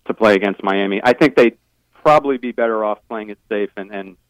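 A man's voice: fairly low pitch, fairly quick, clean tone, no room sound, low-quality recording. A man, a team beat reporter, giving thoughtful sports analysis on a radio show, hedging with many fillers.

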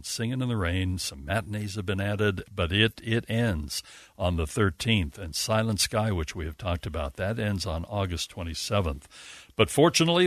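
A man's voice: fairly low pitch, a bit bright, no room sound. A man hosting a radio show in a studio, teasing his guests with jokes. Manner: playful, teasing. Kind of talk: jokey studio chat.

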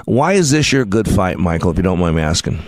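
A man hosting a faith-based radio talk show, energetic and emphatic, interviewing a guest. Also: deep voice, fairly quick, dry recording. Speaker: radio host.

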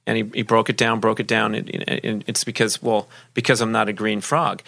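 Male podcast host, gravelly edge, bright tone, chatty and candid. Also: lowish voice, flat delivery, fairly quick. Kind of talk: casual podcast conversation.

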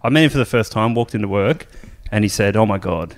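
A man's voice: lowish voice, quick pace. An Australian man co-hosting a podcast, telling stories in casual chat with lots of swearing and laughter. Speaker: podcast co-host.

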